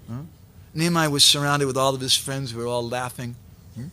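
A man preaching, telling a sacred story in an animated way and acting out its characters. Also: medium pitch, fairly quick. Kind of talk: sermon storytelling.

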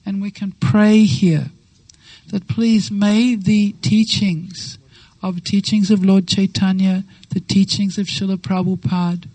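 A woman giving a devotional talk, telling a sacred story with lively acted-out quotes and slow, reverent phrasing. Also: mid-range voice, dry recording, rough recording. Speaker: devotional speaker.

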